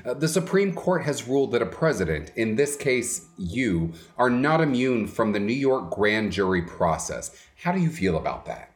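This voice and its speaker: A man's voice: medium pitch, sing-song, moderate pace, few pauses, close to an everyday voice. A man voicing an earnest male TV reporter at a press conference. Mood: polite.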